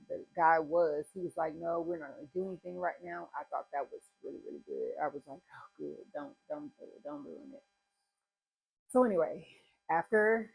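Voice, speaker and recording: Woman vlogger, casual chatty reviewer, low husky register. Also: darkish tone, rough recording. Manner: chatty, rambling retelling with asides. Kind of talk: casual chat.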